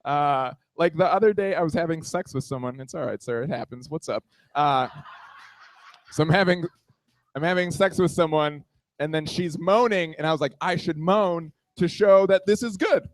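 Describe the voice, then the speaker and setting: A man's voice: fairly high pitch, moderate pace, dry recording. A man in his twenties doing a stand-up comedy set on a small bar stage, self-deprecating and riffing on the room around him. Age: 20s.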